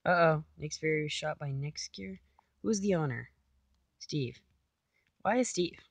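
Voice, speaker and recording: A woman's voice: deep voice, animated, unhurried, vocal fry, no echo. A woman casually commenting on her own gameplay, chatty, talking to herself and repeating silly phrases. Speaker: gamer.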